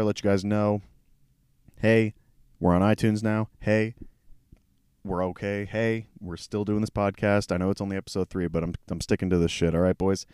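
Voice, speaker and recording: A man hosting a casual solo podcast, tired and low on energy, rambling with lots of swearing and self-deprecating asides. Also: darkish tone, clear, resonant tone, no echo, clean studio sound. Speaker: podcast host. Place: small hot room at home. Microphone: camera mic.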